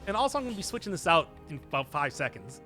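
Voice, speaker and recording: A young man live-streaming a game, chatting casually and answering chat in an animated, self-mocking way. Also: a little high, racing, faint music behind. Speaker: gaming streamer.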